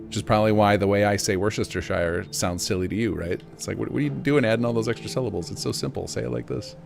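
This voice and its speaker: Gravelly, low-voiced American man streaming. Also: fast, over music. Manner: rambling, chatty, talks to chat. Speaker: live streamer and game modder. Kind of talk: casual live stream chat.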